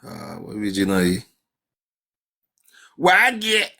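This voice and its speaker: A man with a Nigerian accent chatting on a live stream, chanting sing-song calls and swinging between loud shouts and low mutters. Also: huge pitch swings, slow pace, vocal fry. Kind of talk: casual live-stream chat to viewers.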